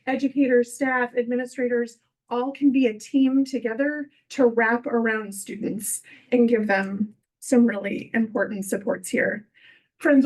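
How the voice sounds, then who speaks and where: A woman with a fairly high voice speaks at a school board meeting. She makes a heartfelt, appealing case as a community resource. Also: darkish tone, poor audio. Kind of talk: public comment at a meeting.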